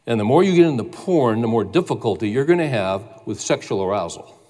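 A man's voice: medium pitch, expressive, fairly quick, mellow. A man preaching a sermon as a pastor, earnest and emphatic, building in intensity as he urges his listeners. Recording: long hall reverb.

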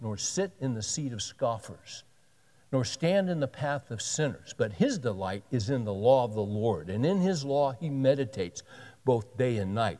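A pastor in his sixties delivers a sermon in a dark-toned, mid-range voice, reading from scripture and cutting in with folksy, joking asides. The recording has a long hall reverb.

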